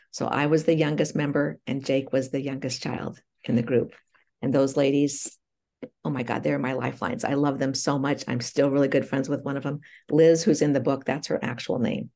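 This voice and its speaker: A woman's voice: very deep voice, little pitch movement, normal speed, mellow. A woman who is an author, reading aloud from her memoir in an earnest, intimate way.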